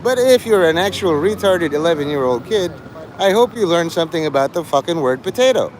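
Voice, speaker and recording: A sarcastic man streams live, teasing a viewer in a lively, swooping voice that sits a little high. His tone is mocking and crude. Faint traffic hums in the background. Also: brisk. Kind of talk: rambling livestream banter.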